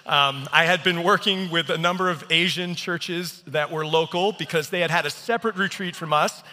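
A man's voice: fairly high pitch, normal speed, bright, forceful tone. A man preaching a sermon as pastor, telling stories on himself in an earnest, self-deprecating way. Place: church hall. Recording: reverberant church hall.

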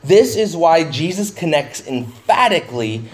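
A man preaching a verse-by-verse sermon in a conversational way, getting animated when he paraphrases. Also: fairly high pitch, a little slow. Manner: conversational, rising excitedly when paraphrasing Jesus. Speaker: pastor. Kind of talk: expository sermon.

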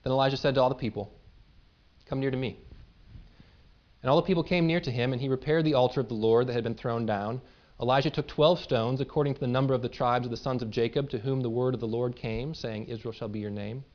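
A man's voice: medium pitch, fast, highs cut off. A man giving a sermon, reading scripture aloud and retelling it in casual everyday words. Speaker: pastor.

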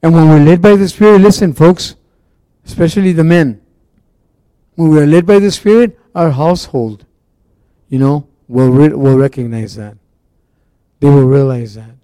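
A man with a fairly high, mellow voice preaches in a loose, folksy way. He leans on fillers and restarts as he talks to his congregation. The sound is dry and close. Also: moderate pace, long pauses, no echo. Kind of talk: casual conversational sermon.

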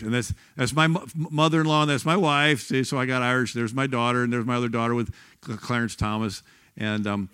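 A man's voice: medium pitch, a bit bright, clean tone. A man giving a sermon-style history talk in a church, rambling with many restarts and growing fervent. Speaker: guest speaker on church history.

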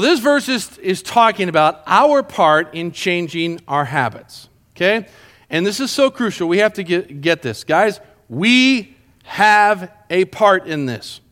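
A man teaching a Bible lesson to a group. He talks in an animated way and keeps checking in with his listeners, asking if they are following. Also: sits high.

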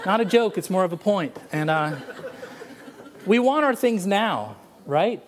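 A man's voice: on the high side, normal speed. A male pastor preaching a sermon in a church, mixing storytelling and humor. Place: church sanctuary.

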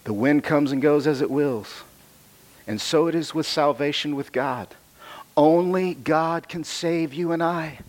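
A man delivers a sermon from the pulpit. His voice sits a bit high for a man. He moves between reading scripture aloud and explaining it in a chatty way, restating phrases to drive his point home. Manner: conversational preaching with scripture reading, repeats himself for emphasis. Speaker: pastor.

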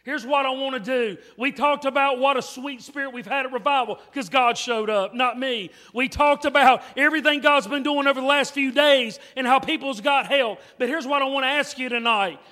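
A man's voice: extremely high pitch, moderate pace, few pauses, bright, forceful tone, in a large hall. A man preaching a revival sermon in church, telling a story emphatically and repeating his phrases. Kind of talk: revival sermon with altar call. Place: church sanctuary.

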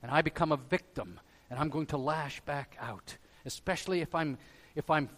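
A man preaching a sermon as pastor, stressing some phrases loudly and dropping to quiet asides on others. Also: a little high, moderate pace, big-room sound. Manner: emphatic preaching, swinging between loud stresses and quiet drops.

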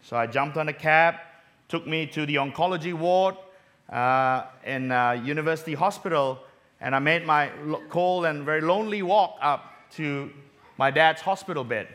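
Man preaching a personal sermon. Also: moderate pace. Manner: personal storytelling, drops soft and low on tender moments.

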